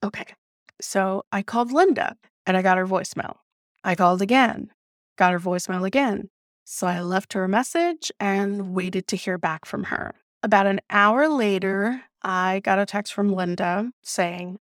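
Woman host telling a personal story, animated, cussing, mid pitch, dry. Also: moderate pace, no room sound. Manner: animated, swears freely, vents with laughter. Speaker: podcast host. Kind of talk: casual storytelling monologue.

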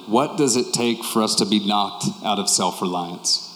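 Low-voiced man preaching in an echoey hall. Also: moderate pace, a bit bright, a little hiss or hum. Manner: conversational and candid, repeating key phrases. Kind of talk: sermon. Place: church hall with congregation. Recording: echoey hall with long reverb.

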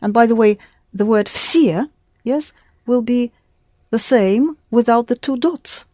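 A woman giving a one-to-one language lesson, patiently modelling words and repeating them slowly for her students. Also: on the high side, warm tone, no room sound, clean studio sound. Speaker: language teacher.

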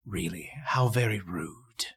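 A man voicing a contemptuous inhuman male creature, speaking low with whispered scorn. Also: moderate pace. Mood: mocking.

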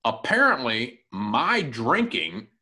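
A man's voice: medium pitch, slow. A man on a casual podcast, telling a long profane story and acting out what everyone said. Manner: profane, animated anecdote telling with acted-out quotes. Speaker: podcast co-host and new tech guy.

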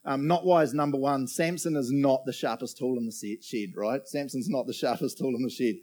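Warm in tone, medium in pitch, and at a normal speed, this preacher keeps his sermon casual. He cracks jokes and checks in with the congregation after almost every point.

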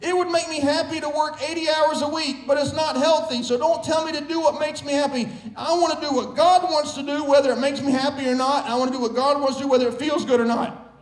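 High-voiced preaching man in an echoey room. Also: steady tone, fast talker. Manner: emphatic preaching that builds to shouts. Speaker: pastor. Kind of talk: sermon.

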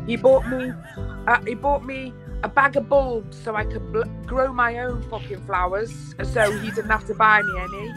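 A woman with a Scouse accent, a podcast guest chatting casually and telling lively stories, swearing freely. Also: fairly high pitch, moderate pace, music in the background. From England. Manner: lively storyteller, swears freely, laughs often.

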